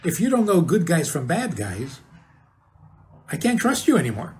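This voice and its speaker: A man's voice: a little high, huge pitch swings, normal speed. An older man, a rabbi, giving an informal talk to an audience, often asking questions and chuckling at his own points. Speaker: rabbi teaching.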